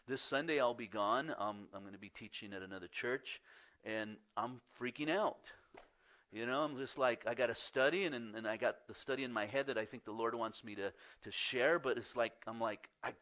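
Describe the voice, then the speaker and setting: A man preaching a sermon as pastor. He reads scripture, then talks in a candid, conversational way, his voice rising when he gets excited and dropping soft on key points. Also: mid-range voice, fairly quick. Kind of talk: sermon, scripture reading and personal story.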